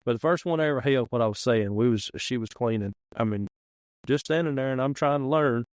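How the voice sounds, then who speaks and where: A man's voice: medium pitch, a little fast, no echo, studio quality. A man, hosting a podcast and telling rambling, folksy stories in casual chat. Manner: folksy rambling storyteller, acts out quoted voices. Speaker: podcast host. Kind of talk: casual storytelling.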